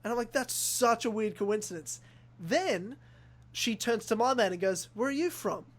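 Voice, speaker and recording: A young man from Australia, hosting a casual podcast and telling an animated story full of acted-out quotes and swearing. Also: high voice, moderate pace. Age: young adult. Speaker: podcast host. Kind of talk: casual chat.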